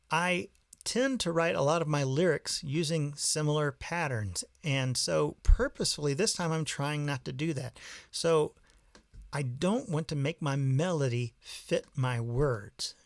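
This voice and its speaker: A man teaches songwriting in a patient, methodical way. His voice has a gravelly edge, and the sound is dry, with no room echo. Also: mid-range voice. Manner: patient, methodical explaining with analogies. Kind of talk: explanatory video lesson.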